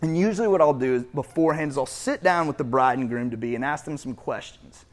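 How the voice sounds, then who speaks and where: A man's voice: medium pitch, quick pace. A man preaching as pastor, reading scripture aloud and retelling it in casual everyday speech.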